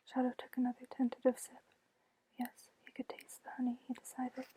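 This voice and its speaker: A woman reading a novel aloud in a soft unvoiced whisper, whispered role-play style. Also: high voice, monotone, brisk, husky, poor audio. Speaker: ASMR book reader.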